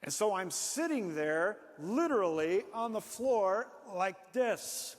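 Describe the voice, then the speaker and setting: Man, high voice, animated self-mocking storyteller to a live crowd; long hall reverb. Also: slow pace. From Minnesota. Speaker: speaker. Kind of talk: storytelling talk to an audience. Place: large hall before an audience.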